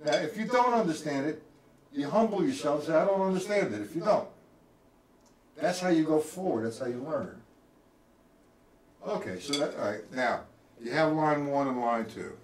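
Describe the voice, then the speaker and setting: A man's voice: on the high side, expressive, moderate pace, long pauses, background noise. A man teaching a live-streamed drum lesson, counting beats aloud and quizzing his viewers by name. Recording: roomy, from a distance.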